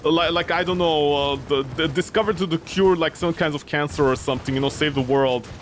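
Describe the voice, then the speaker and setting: A man's voice: a little high, fairly quick, slight background noise. A young man streaming a game, rambling and ranting in exasperation, swearing often and sounding weary. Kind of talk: casual gameplay commentary.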